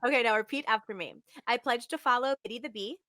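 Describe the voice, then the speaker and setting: Upbeat young woman host on a video call, bright and high, gushes and laughs a lot. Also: quick pace, no room sound. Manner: bubbly, gushing, laughs often. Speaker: podcast host and acting coach. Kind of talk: upbeat live video interview.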